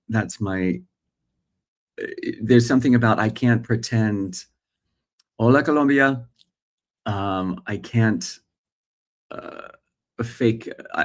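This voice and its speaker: A man in his forties from Australia, speaking American with Australian traces, chatting live as host and reading viewer comments with many fillers. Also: lowish voice.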